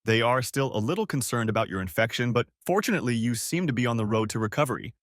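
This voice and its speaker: A man's voice: medium pitch, animated, fast, no echo, studio quality, close to an everyday voice. A man voicing a polite, formal middle-aged male police inspector.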